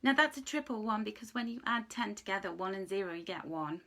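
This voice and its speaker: A woman's voice: medium pitch, lively intonation, fast talker, fairly bright tone. A woman giving a live angel card reading, talking in an emotional, gushing way and close to tears. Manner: emotional, gushing, tearful at times. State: tearful.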